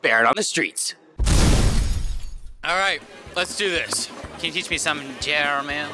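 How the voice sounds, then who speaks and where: A man's voice: a little high, lively intonation, takes it slowly, rough recording. A man working as a roving reporter at a busy school event, joking and teasing the people he interviews. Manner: goofy, teasing, jokey. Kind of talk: playful on-the-street interviews. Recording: crowd and music noise. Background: music and crowd chatter.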